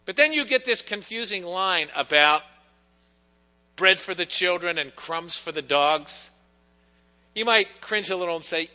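A man preaching a sermon in a conversational, teasing way, his voice high and strikingly bright. The church gives it a long, ringing reverb. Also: lively intonation, measured pace, pauses often. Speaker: pastor. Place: church sanctuary.

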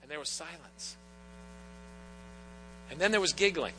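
A man's voice: fairly high pitch, expressive, a little slow, bright, forceful tone, soft background music. A middle-aged man preaching a sermon as a pastor, in an earnest storytelling way that draws on personal anecdotes. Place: church sanctuary. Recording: long church reverb, faint mains hum.

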